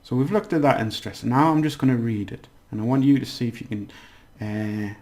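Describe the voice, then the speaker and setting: Male language tutor, patient and deliberate, gravelly, sounds out each syllable. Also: mid-range voice, a little mellow. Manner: patient, repeats words slowly syllable by syllable. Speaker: Spanish language teacher. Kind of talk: casual spoken language lesson.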